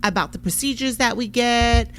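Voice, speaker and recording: A woman's voice: a little high, moderate pace, fairly bright tone, soft background music. A young adult woman co-hosting a podcast in an upbeat, friendly way. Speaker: podcast co-host. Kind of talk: casual chat.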